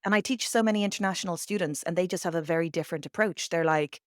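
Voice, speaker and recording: A woman with a Dublin Irish accent talks as an interview guest, a teacher who tells anecdotes with energy and slips into the voices of the people she quotes. Her voice sits a little low for a woman. The sound is dry and close, with no room around it. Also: fast, no echo. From Ireland. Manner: animated storyteller, acts out quoted voices. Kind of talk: conversational interview. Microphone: remote call mic.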